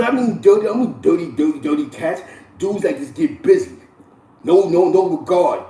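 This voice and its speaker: A man hosting casual street storytelling, talking loosely with slang, repeats and frequent shout-outs. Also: sits high, far from the mic. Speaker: host. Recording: echoey room, voice a bit off-mic.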